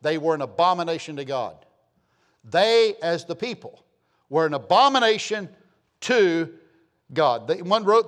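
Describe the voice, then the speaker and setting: A man's voice: expressive, a little slow, long pauses. Fiery preacher man in his sixties. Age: 60s. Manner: fiery, swings from loud scripture reading to low asides. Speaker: pastor. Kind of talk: sermon.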